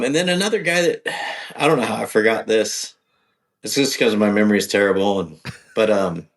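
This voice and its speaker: A man guesting on a podcast, talking casually in a rambling, hesitant way with many ums and restarts. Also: on the low side. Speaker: podcast guest, off-road driver.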